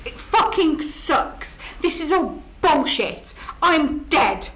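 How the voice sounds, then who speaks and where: A woman's voice: high voice, big pitch swings, takes it slowly, fairly bright tone, heavily acted. An actress playing the ghost of a murdered young woman, anguished and swearing in outbursts. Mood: angry. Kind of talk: film drama acting.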